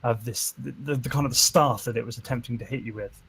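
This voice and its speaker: A man narrating as dungeon master in a relaxed, laughing manner, with many fillers and restarts. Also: medium pitch, fast, vocal fry, slightly rough. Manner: easygoing, laughing often, filler-heavy. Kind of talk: narrating a tabletop game. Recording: faint background music.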